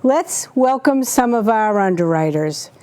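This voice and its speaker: A woman's voice: on the high side, expressive, measured pace, warm tone. A woman hosting a local cable talk show, chatty and gushing as she plugs sponsors and introduces guests.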